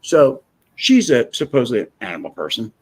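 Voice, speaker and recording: A man hosting a livestream, telling a personal story in a blunt, profane, animated way. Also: medium pitch, fairly quick. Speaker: livestream host. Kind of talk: casual storytelling chat.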